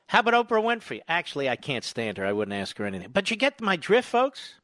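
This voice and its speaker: A male talk radio host rails into the studio mic with sarcastic indignation, leaning hard on each point. His voice sits a bit high for a man, and the room is dead dry with no echo at all. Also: sing-song, fairly quick, fairly bright tone. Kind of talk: opinionated talk radio monologue.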